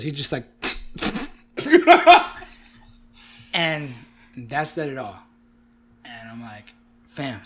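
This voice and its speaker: Young male podcast co-host, rowdy storyteller, slightly high voice, quotes friends in character. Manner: animated storyteller, acts out quotes, laughs often. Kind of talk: casual storytelling chat.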